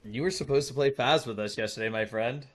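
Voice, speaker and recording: A man's voice: medium pitch, a little fast. Male game streamer chatting casually. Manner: thanks viewers and teases friends in banter. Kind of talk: casual live-stream chat while gaming.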